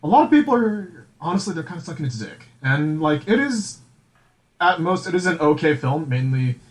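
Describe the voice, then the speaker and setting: A podcast co-host with a mid-range voice rambles through a casual chat full of fillers and restarts. The recording is low quality.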